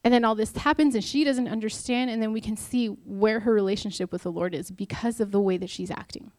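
A woman's voice: mid-range voice, steady tone, fairly quick, darkish tone, no echo. A married woman giving a casual devotional talk, chatty and self-deprecating, acting out the lines she quotes. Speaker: Bible study speaker.

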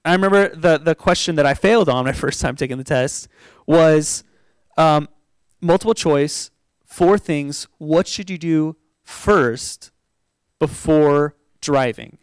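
A man from Oregon preaches through a personal story, animated and quick to laugh, acting out the people he quotes. His voice sits high and sounds smooth and resonant. The sound is close and dry. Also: dry recording. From Oregon, USA. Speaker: pastor. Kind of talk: storytelling sermon.

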